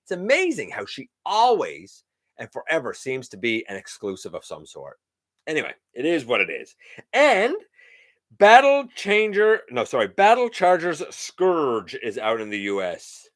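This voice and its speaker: Chatty man with a lively voice. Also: on the high side, normal speed. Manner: chatty, greets viewers by name, many fillers. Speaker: host of a live toy-collecting show. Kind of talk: casual live-stream chat.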